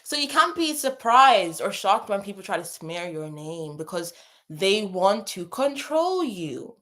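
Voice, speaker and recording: A young woman reads viewer messages as host of a casual advice chat. Her medium-pitched, fairly bright voice is very animated but unhurried, and her chatty, emphatic delivery leans on repeated phrases for stress.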